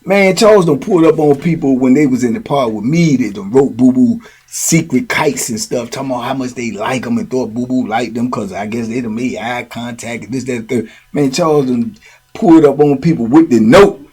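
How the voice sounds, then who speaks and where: A man telling a story in a casual, animated way, full of slang and repeated phrases. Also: mid-range voice, a little fast, slightly rough. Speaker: storyteller host.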